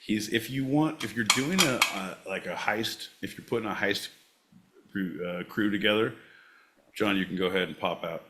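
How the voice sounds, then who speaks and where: A man's voice: fairly low pitch, moderate pace, very noisy. A man co-hosting a podcast, hyping up his co-host like a showman in casual banter.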